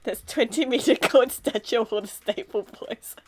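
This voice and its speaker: A woman's voice: fairly high pitch, normal speed, hardly any pauses, a little mellow, slightly rough, faint music behind. A woman chatting casually on a live stream while she draws, laughing constantly between remarks.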